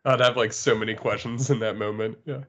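A man's voice: fairly low pitch, brisk. Laughing man in casual podcast chat. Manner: laughs often, animated retelling. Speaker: podcast co-host.

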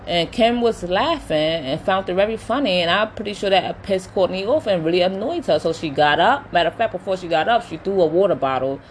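A chatty woman with a slightly low voice, giving her frank opinions as she recaps a reality show episode. She talks casually, scattering um and you know through her sentences. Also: brisk, few pauses, a little hiss or hum. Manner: chatty, opinionated, animated retelling with quoted voices; many fillers like um and you know. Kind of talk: casual chat.

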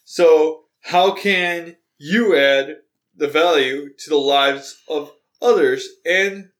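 A man asking interview questions read from his notes, brisk, stumbling now and then and apologizing. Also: fairly high pitch, a bit bright.

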